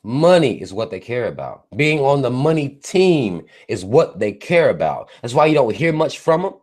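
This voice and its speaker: A man ranting on a live stream, his pitch swinging up and down as he mocks and swears. He repeats points for emphasis and talks with a lively, exasperated bite. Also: moderate pace. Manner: animated, profane, mocking, emphatic. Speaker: livestream host. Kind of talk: profane live-stream rant.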